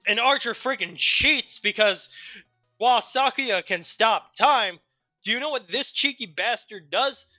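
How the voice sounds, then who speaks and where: A man streamer casually recapping a story, rambling and animated, with offhand swearing. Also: extremely high pitch, measured pace, dry recording, faint music behind.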